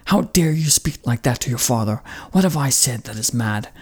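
A man reading the lines of an enraged old warlord father, indignant and shouting. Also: mid-range voice, lively intonation, normal speed, slightly rough. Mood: outraged.

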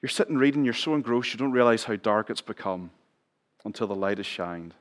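A middle-aged man preaching a sermon in church, chatting with the congregation, asking them questions and dropping his voice low for emphasis. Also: lively intonation, brisk. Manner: conversational, asks the congregation questions, drops to near whisper for emphasis. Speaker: pastor.

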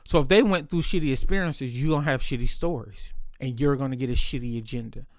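In clean studio audio with no room sound, a man with a mid-range voice tells stories quickly in a casual monologue. He's candid and loose, swearing freely and often as he goes.

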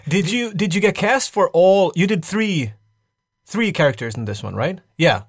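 A man with a higher, very expressive voice, co-hosting a podcast and asking eager questions. He keeps the chat playful. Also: normal speed, slightly rough, dry recording, clean studio sound. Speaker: podcast co-host. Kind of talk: casual interview chat.

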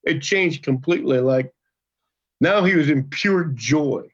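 A man in his sixties, a podcast guest, telling a story in a loose, profane, animated way and often repeating himself. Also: fairly high pitch, measured pace, slightly rough. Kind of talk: casual storytelling. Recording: dull lo-fi podcast audio.

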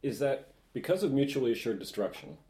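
A man co-hosting a podcast, explaining ideas and defining terms in a relaxed, lecture-like way. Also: medium pitch, fast. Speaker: podcast co-host. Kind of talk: casual discussion. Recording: roomy echo.

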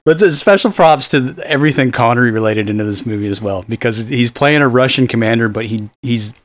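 A man's voice: medium pitch, lively intonation, quick pace, no room sound. A man co-hosting a podcast, chatting casually and enthusiastically about a film, rambling with fillers. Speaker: podcast co-host. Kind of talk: casual movie discussion.

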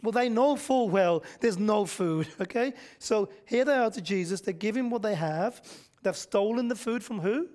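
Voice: medium pitch, expressive, moderate pace, few pauses, darkish tone. A preacher giving a conversational sermon, asking the congregation questions and chuckling mid-sentence. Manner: conversational, quizzes the congregation, frequent rhetorical questions.

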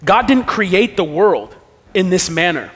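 A man's voice: high-pitched, lively intonation, measured pace, a bit bright, breathy edge. A man preaching a sermon as pastor, earnest and emphatic, his volume rising and dropping for effect. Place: church sanctuary. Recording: long reverb of a church hall.

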